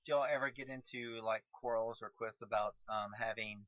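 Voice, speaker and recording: A man hosts an interview, his voice at a middle pitch. He is effusive and quick to laugh. The recording is dull and slightly lo-fi, and dry with no room sound. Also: steady tone, no room sound. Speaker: talk show host. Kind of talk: interview conversation.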